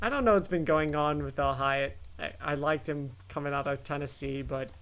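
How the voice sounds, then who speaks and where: Higher-voiced man in casual sports chat. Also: fairly bright tone. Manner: halting, restarts and fillers, quick laughs. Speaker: co-host, sports picks.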